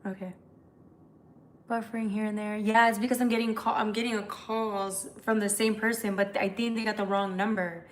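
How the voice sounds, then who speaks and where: A woman's voice: mid-range voice, little pitch movement, moderate pace. A woman hosting a casual live stream as a tarot reader. She chats loosely with viewers, swears freely, and reads their comments aloud. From United States.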